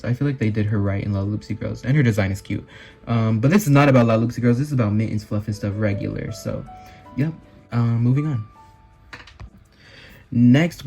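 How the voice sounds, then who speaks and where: A man's voice: fairly low pitch, mellow. A man chatting casually in a vlog, gushing and full of fillers. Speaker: vlogger. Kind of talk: casual chat.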